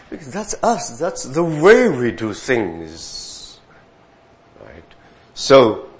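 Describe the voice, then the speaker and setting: A man preaching a sermon, often asking the listeners "right?" and rising to loud, emphatic peaks. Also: sits low.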